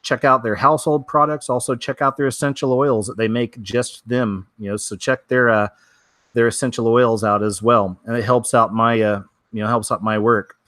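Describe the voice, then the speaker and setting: A man's voice: medium pitch, fairly even intonation, normal speed, a bit bright, no room sound, studio quality. A man hosting a casual weekly news show, wry and offhand, with many fillers.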